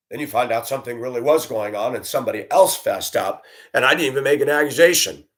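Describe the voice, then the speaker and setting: A man telling stories about his years as a school bus driver, blunt and animated, acting out the voices he quotes. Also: medium pitch, fast talker, few pauses. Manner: blunt, plain-spoken. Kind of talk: storytelling monologue.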